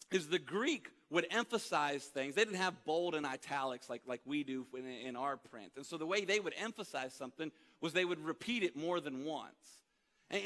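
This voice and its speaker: Animated preacher in a reverberant hall. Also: male voice, a little high. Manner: animated storytelling, acts out voices. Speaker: pastor. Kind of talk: sermon. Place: church auditorium.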